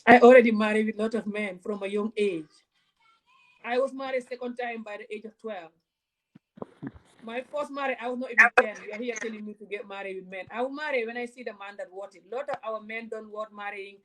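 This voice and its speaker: A woman's voice: on the high side, fairly quick, a little hiss or hum. Woman w/ ranting to camera, heated, keeps throwing questions at her viewers. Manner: passionate, confrontational, many rhetorical questions. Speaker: vlogger. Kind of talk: direct-to-camera rant.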